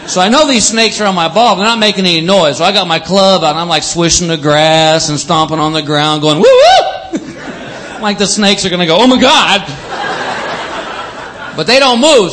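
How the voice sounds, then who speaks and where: A man doing a stand-up comedy set, telling stories and acting out the other people's voices. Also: on the high side. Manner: animated storytelling with acted-out voices.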